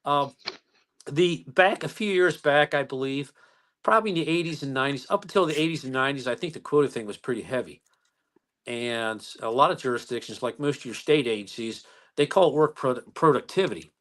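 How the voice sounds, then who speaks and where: Middle-aged police chief telling stories. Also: male voice, mid-range voice, brisk. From United States. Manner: folksy, animated retelling with acted-out quotes. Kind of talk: conversational storytelling interview.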